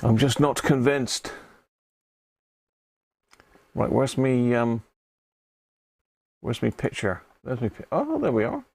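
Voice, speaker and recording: A man's voice: medium pitch, big pitch swings, slow pace, creaky, pauses often, a little mellow, slightly rough. A man streaming live from his workshop, chatting casually and thinking aloud while he repairs an old radio. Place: home workshop.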